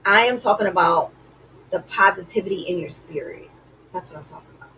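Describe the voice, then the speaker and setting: A woman's voice: mid-range voice, fairly quick, sharp tone, far from the mic, slight background noise, low-quality recording. A woman vlogger giving earnest, preachy relationship advice in a casual way, with lots of "like".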